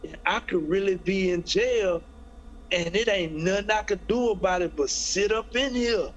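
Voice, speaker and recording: Guy with a high voice telling his life story earnestly, lots of restarts and repeats. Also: moderate pace, lo-fi sound. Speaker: guest speaker. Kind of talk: personal storytelling in an interview.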